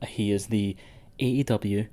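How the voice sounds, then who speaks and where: Male podcast co-host, low mellow tone, sweary rambling banter. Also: steady tone, measured pace. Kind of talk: casual wrestling podcast chat.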